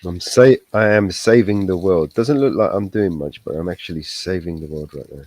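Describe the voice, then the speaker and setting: A man's voice: low-pitched, moderate pace, darkish tone. A man on a livestream panel, laid-back and wisecracking in casual banter.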